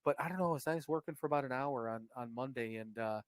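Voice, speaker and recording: Guy cohosting a podcast, rambly and sweary, mid pitch, dry close mic. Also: fast, no room sound. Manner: rambling, profane, full of fillers and restarts. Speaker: podcast co-host. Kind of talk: casual podcast chat.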